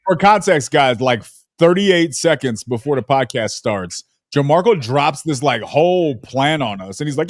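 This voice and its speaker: A man's voice: a little high, lively intonation, moderate pace, hardly any pauses, dry recording. Chatty male podcast host, dry sound. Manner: rambling, self-aware, hedging. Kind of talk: casual podcast chat.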